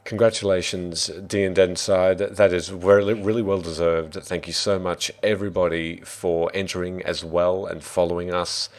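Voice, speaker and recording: A man's voice: sits low, level tone, moderate pace, hardly any pauses. An Australian man who hosts a tabletop game stream as dungeon master, chatting in an upbeat, rambling way. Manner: upbeat, rambling, restarts often. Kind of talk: casual stream chat.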